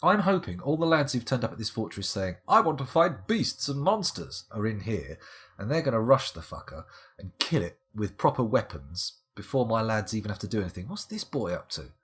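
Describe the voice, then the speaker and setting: A man's voice: on the low side, very animated, brisk, slightly rough. A man streaming live game commentary, with wry, rambling, self-mocking asides.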